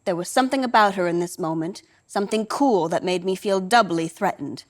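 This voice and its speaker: A woman's voice: fairly low pitch, fairly quick. An older woman performing a wry, dramatic storytelling monologue on a theatre stage.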